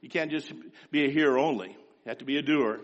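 A man preaching a sermon in a scratchy voice, swinging from quiet asides to loud, rising exhortation. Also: mid-range voice, brisk, long reverb tail, lo-fi sound.

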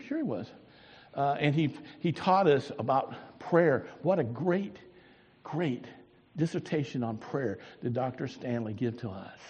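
A man preaching a sermon as pastor, swinging from booming emphasis to hushed, drawn-out words. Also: husky. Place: church sanctuary. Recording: long hall reverb.

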